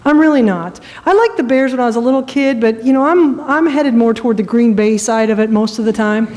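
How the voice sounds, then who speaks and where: A woman pastor preaching a sermon, telling a story in a conversational, animated way. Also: fairly high pitch, brisk, slight background noise. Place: church sanctuary. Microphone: microphone that cut out. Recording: echoey hall, voice from far off.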